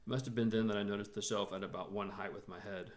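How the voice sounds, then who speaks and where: A man reading a short story aloud in a measured, expressive storytelling manner. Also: on the low side. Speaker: reader.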